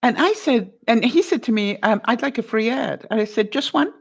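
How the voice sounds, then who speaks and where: An older woman vlogger giving life advice, telling a story in a casual, animated way and acting out both sides of a phone call. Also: a little high, moderate pace, creaky, breathy edge.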